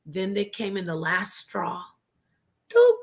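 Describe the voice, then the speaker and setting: Speaking slowly at medium pitch with huge swings in her intonation, a talk show guest recounts her past as a former member of a religious group. Her delivery is fervent and sermon-like, occasionally falling to a whisper to stress a point.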